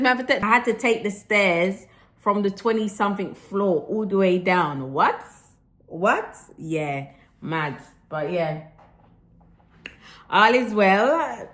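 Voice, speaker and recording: Give me a woman vlogging casually at home, animated, slipping into patois. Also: medium pitch, takes it slowly, pauses often. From Jamaican roots. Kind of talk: casual vlog chat.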